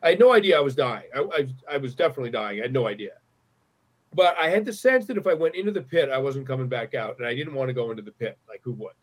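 Middle-aged man, husky, earnest storyteller who stumbles and restarts as he talks. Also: mid-range voice, animated, quick pace. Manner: earnest, restarts often when moved. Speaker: guest. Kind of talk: conversational storytelling.

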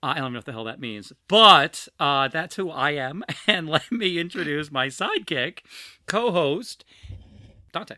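Bright, animated trans woman podcast host. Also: low-pitched, a little slow, no room sound. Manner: animated, scatterbrained, self-mocking. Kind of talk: casual chat.

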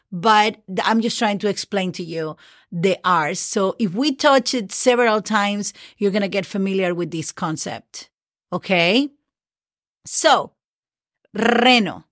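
Woman, friendly language teacher, dry close sound, medium pitch. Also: fairly bright tone, no echo. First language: Spanish. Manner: chatty, checks in with "okay?" often. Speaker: Spanish teacher. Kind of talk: podcast language lesson.

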